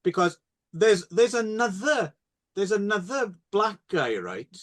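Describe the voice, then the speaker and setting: A man co-hosting a casual film podcast, measured and often checking with a tag question. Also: high-pitched, sing-song. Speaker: podcast co-host.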